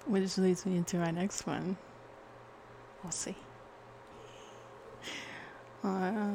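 A woman's voice: mid-range voice, drawn-out words, creaky, long pauses, slight background noise, rough recording. A woman with a Minnesota accent, chatting casually in a vlog and laughing often at herself. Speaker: vlogger.

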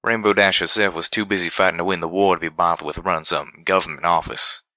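A folksy young pegasus stallion, voiced by a man for a storybook. He speaks low with a bright, sharp edge, stretching his words in an easygoing country way. The reading is dry and close. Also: fairly even intonation, fast, dry recording. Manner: folksy country talk, drawn out. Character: young male pegasus pony, folksy and boastful.

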